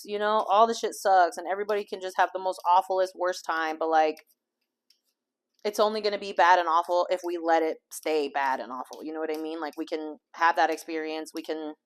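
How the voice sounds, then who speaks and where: A woman vlogger and life coach in a home kitchen, rambling candidly through a casual chat full of fillers and swearing. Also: on the low side. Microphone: small clip-on mic.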